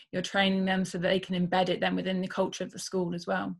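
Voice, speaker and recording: A woman hosts a relaxed podcast interview in a voice of ordinary pitch. She sounds enthusiastic and often restarts and rephrases her questions mid-sentence. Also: fast, hardly any pauses. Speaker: podcast host.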